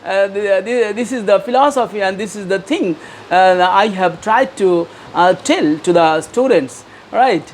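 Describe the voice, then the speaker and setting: A man's voice: high voice, a little slow, a little hiss or hum. A middle-aged man, interviewed as an author, answers earnestly and hesitantly with many fillers and repeats, and reads aloud from his book.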